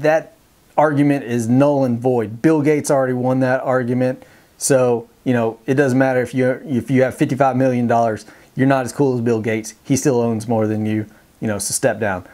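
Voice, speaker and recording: A man's voice: mid-range voice, fairly even intonation, normal speed, a little mellow. A man with a Texan accent vlogging casually to camera about fishing, plainspoken and rambling with many ums and restarts. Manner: plainspoken, determined. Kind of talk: casual vlog talk to camera.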